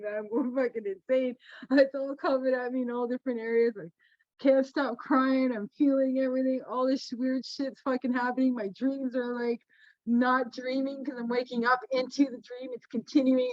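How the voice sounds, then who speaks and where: A woman medium from Canada, telling stories in a casual interview, animated and profane, laughing often. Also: fairly high pitch, no echo. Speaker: guest, spiritual medium. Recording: dull lo-fi sound.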